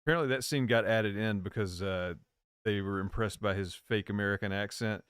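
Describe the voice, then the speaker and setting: A man's voice: fairly low pitch, a little fast, fairly bright tone, clear, resonant tone, dry recording, studio quality. A man chatting casually on a live stream, rambling and searching for words as he recalls things.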